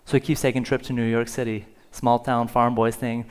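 A man's voice: mid-range voice, level tone, a little fast, hardly any pauses, smooth. A male pastor telling a story in a sermon. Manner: storytelling, rising in volume for dramatic moments. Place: church sanctuary.

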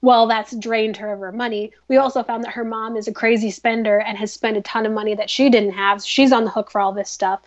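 A woman's voice: fairly high pitch, level tone, fairly quick, hardly any pauses, muffled recording. A woman hosting a podcast, recapping a drama in a chatty, filler-heavy way. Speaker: podcast host. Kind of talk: casual drama recap chat.

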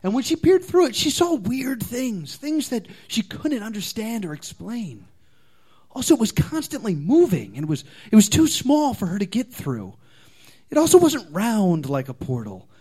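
Lively high-voiced man reading comic fan fiction. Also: normal speed, husky.

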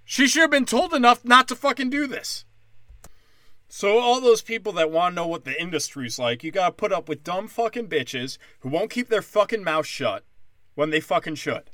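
A man's voice: high-pitched, animated, normal speed, bright, forceful tone, no echo, clean studio sound. A man with a New York accent, a stand-up comic, ranting profanely and aggressively on his late-night podcast. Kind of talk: angry podcast rant.

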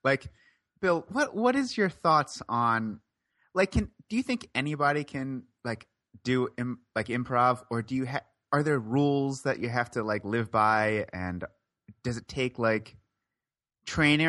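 A man co-hosting a podcast in casual chat, joking and asking halting questions full of fillers. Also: mid-range voice, animated, fairly bright tone, dry recording, clean studio sound. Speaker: podcast co-host.

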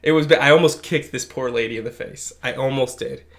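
A man's voice: mid-range voice, a little fast, gravelly. A man co-hosting a casual podcast, telling stories with lots of fillers and restarts. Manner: rambling, many fillers and restarts. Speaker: podcast co-host. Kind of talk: casual chat.

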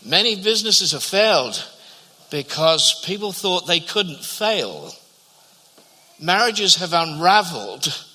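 A man preaching a sermon, telling a story and often repeating his words, then dropping to a hush at tender moments. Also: sits high. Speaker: pastor. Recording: long hall reverb.

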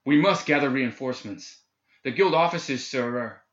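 A man's voice: medium pitch, normal speed, bright, forceful tone, close to an everyday voice. A man voicing a frightened young guard who talks nervously and hesitantly, short of breath. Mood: nervous, urgent. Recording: echoey, slightly dull recording.

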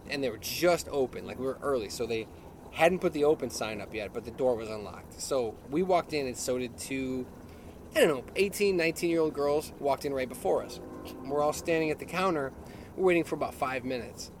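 A man's voice: medium pitch, animated, brisk, background noise. A middle-aged man telling a story in casual chat, laughing often and mimicking other people's voices. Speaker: podcast co-host.

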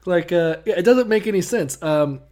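A man's voice: high voice, animated, moderate pace, warm tone. A man co-hosting a casual podcast, swearing freely and acting out the people in his stories. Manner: profane, acts out quoted voices. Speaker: podcast co-host. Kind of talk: casual irreverent chat.

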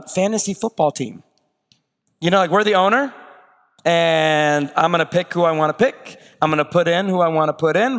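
A man preaching a sermon in a conversational way, slipping into quick acted asides. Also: a little high, a bit bright, big-room sound. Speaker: pastor.

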